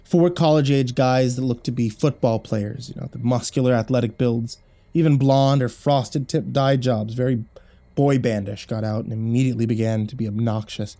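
A man reading a first-person horror story aloud, measured with dramatic swells. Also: mid-range voice, steady tone, mellow.

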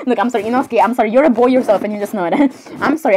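A woman's voice: fairly high pitch, quick pace, hardly any pauses, a little mellow, a little hiss or hum, low-quality recording. A woman doing a rambling comic voice-over for cartoon characters, apologizing over and over and breaking into jumpy squeals.

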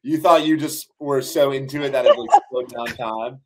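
A man guesting on a podcast, recapping a reality show episode in a steady, storytelling way. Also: medium pitch, normal speed, very noisy. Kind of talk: casual reality-TV recap chat.

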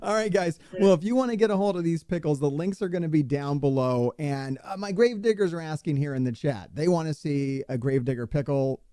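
A man's voice: a little high, a little fast, hardly any pauses, mellow, clear, resonant tone, no echo, studio quality. A man hosting a casual interview, joking and laughing often. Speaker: host.

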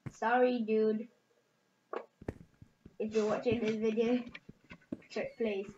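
A woman's voice: a little high, highs cut off. A woman hosting a gaming channel, chatting in a rambling, jokey way to her viewers while she plays. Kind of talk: casual let's-play commentary. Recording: echoey room with clear background noise.

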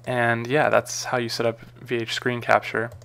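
Man, tutorial narrator; gravelly, smooth tone, loose rambling delivery. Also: mid-range voice, monotone, normal speed, a bit bright. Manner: casual, rambling, frequent ums and uhs. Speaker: tutorial maker. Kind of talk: screen-recorded software tutorial.

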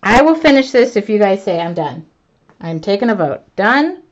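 A woman artist chatting to her live viewers as she works, excitable and self-mocking, laughing often. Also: mid-range voice, moderate pace. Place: home art studio, indoors. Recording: dull lo-fi stream audio.

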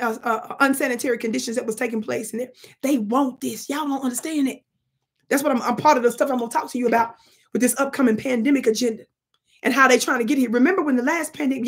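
Middle-aged woman vlogger, breathy tone, high register, emphatic and chatty with her audience. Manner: emphatic, talks straight to viewers as y'all. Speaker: political commentary vlogger. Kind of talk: casual direct-to-camera commentary.

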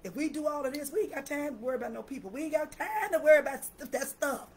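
A woman's voice: high voice, animated, fast talker, poor audio. An older woman minister preaching and praying with fervent, repetitive declarations, often breaking into laughter. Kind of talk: live-streamed preaching and prayer.

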